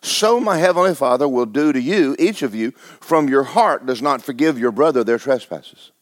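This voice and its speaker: A man's voice: mid-range voice, expressive, moderate pace, no room sound, studio quality. Conversational male pastor preaching. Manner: conversational preaching, rhetorical questions to the congregation. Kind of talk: sermon. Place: church sanctuary.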